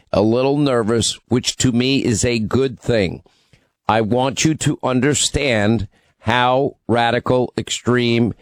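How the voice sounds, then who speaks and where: A man's voice: medium pitch, no room sound. Opinionated male talk-radio host, dry studio sound. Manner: opinionated, emphatic, teasing with callers. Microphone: studio microphone.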